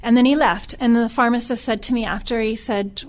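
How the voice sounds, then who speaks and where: Earnest middle-aged woman, halting telling. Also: on the high side, fairly even intonation, darkish tone. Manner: halting, with frequent restarts. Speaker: podcast guest. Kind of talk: personal storytelling.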